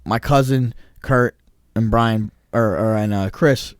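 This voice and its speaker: A man's voice: on the low side, takes it slowly, smooth, no echo, studio quality. A man, co-hosting a podcast and telling a story in casual, profane chat, acting out the quotes. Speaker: podcast co-host.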